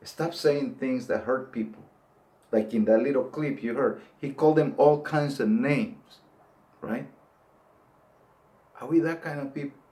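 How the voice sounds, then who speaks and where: A man's voice: medium pitch, darkish tone. An older man giving an earnest, pleading monologue that rises into emphatic outbursts. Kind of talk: impassioned monologue to camera.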